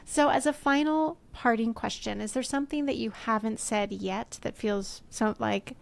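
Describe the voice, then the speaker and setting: A woman hosting a podcast, talking casually with a guest. She affirms what he says and asks gentle questions. Her voice has a gravelly, fry-heavy edge. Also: on the high side, normal speed. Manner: warm, affirming listener. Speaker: podcast host. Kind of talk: casual conversational interview.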